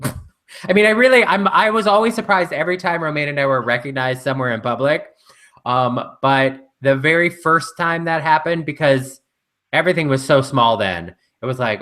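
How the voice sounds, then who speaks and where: Male co-host, bright tone, rambling chatty delivery full of fillers. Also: fairly high pitch, moderate pace. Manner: rambling storyteller with many fillers. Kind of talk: casual live chat.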